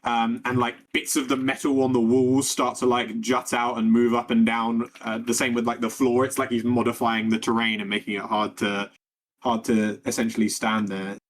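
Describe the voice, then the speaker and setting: A man running a tabletop game as game master, describing the scene in a rambling way. He keeps circling back with fillers and restarts as he works out each detail, at an ordinary middle pitch. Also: flat delivery, normal speed.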